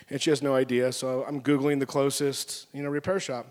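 A man preaching a sermon, telling stories in an animated way and acting out his own angry outbursts. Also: medium pitch, moderate pace, few pauses, clean tone, big-room sound. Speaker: pastor.

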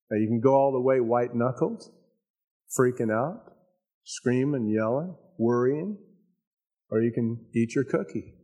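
A man preaching a sermon in a conversational, storytelling way, slowing down to stress his key points. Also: a little high. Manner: conversational storytelling, folksy asides; emphatic, slows down on key points. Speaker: pastor.

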